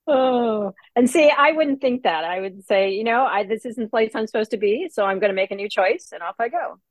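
A woman from Los Angeles chatting casually, wry and quick to laugh, with a measured delivery. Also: fairly high pitch, no echo. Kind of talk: casual chat.

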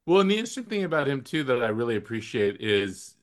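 A man hosting a podcast, chatting in a relaxed way and offering opinionated asides. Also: mid-range voice, fast talker. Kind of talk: casual podcast chat.

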